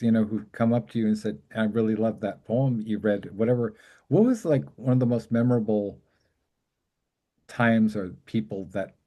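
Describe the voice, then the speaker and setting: A man hosting a casual chat, talking in an excited, rambling way with frequent laughs. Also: on the low side. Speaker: host.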